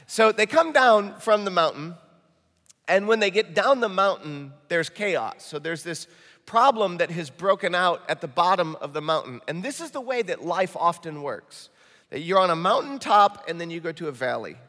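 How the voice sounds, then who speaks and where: A male pastor from Michigan with a Midwestern accent, preaching a lively, joking sermon in a church. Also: sits high, moderate pace. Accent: Midwestern American. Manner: animated, jokey storytelling preacher. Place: church auditorium. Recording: reverberant church hall.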